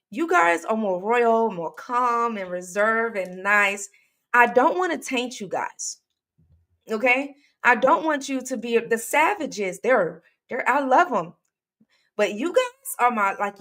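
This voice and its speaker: A woman hosts a casual livestream and talks straight to her viewers. Her speech is chatty and rambling, with lots of fillers and restarts, and she reads comments out loud as she goes. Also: fairly high pitch. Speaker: true crime livestream host.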